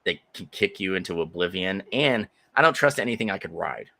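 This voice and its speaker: A man co-hosting a podcast, telling a story in casual chat, animated and laughing, acting out voices as he goes. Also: sits low, brisk, gravelly. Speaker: podcast co-host.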